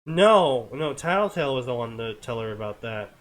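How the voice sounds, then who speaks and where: A man's voice: medium pitch, expressive, moderate pace. A young man co-hosting a comedy fanfiction reading, commenting in an exasperated, incredulous way. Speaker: co-host reading fanfiction aloud.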